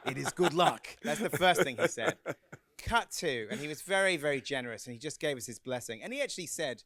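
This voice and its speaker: An English man, a film director, telling lively anecdotes at a cinema Q&A, quick and laughing. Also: medium pitch, no room sound. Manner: quick, chatty, laughing storyteller. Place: cinema Q&A on stage.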